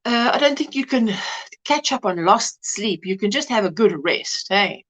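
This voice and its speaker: A woman hosting a casual crafting livestream, chatting and greeting viewers one by one by name with quick asides. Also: medium pitch. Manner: animated, quick asides and laughs. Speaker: livestream host.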